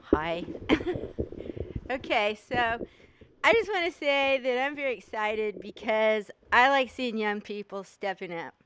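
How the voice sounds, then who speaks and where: A woman's voice: on the high side, animated, measured pace, fairly bright tone, a little hiss or hum. An older woman giving a brief, cheerful endorsement, laughing at herself. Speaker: community supporter. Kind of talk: informal spoken endorsement.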